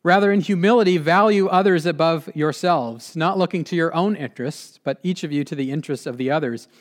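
A male pastor delivering a sermon in an earnest way, slowing for emphasis and dropping quiet at the ends of points. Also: on the high side. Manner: earnest, with slowed emphatic phrasing and drops to a quiet close.

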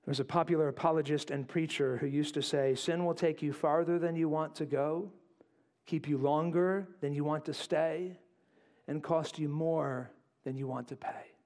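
A male pastor preaching a sermon, acting out quotes and dropping to quiet asides. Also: a little high, normal speed. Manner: animated, acts out voices in quotes, drops to quiet asides.

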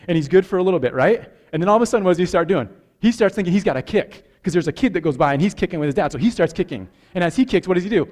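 A man delivering a sermon as a lively, conversational story. His voice sits a bit high, and he piles up fillers and repeated words. At the tense parts he grows louder and climbs higher in pitch. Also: racing. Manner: animated storyteller who gets louder and higher at tense moments. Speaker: pastor.

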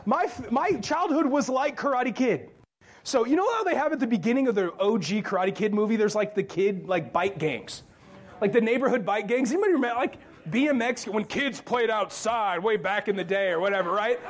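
A man's voice: high-pitched, animated, brisk, husky. A male pastor preaching a sermon in church in a loose, joking, conversational way, often asking the crowd questions.

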